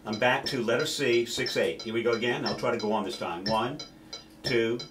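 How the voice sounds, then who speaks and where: A man's voice: medium pitch, fast, noisy background. A man teaching a snare drum solo, counting beats aloud and stopping now and then to correct himself.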